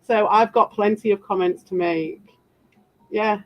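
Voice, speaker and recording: A woman's voice: medium pitch, fairly even intonation, unhurried. A British woman livestreaming and answering her chat, rambling defensively and tossing in sarcastic asides. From Britain. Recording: dull lo-fi sound.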